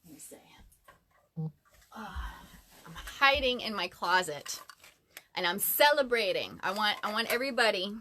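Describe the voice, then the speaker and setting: A woman's voice: mid-range voice, animated, unhurried, long pauses, bright, forceful tone, a little hiss or hum. A woman chatting on a casual livestream from her closet, bubbly and talkative, greeting viewers by name. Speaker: livestream host. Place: closet at home.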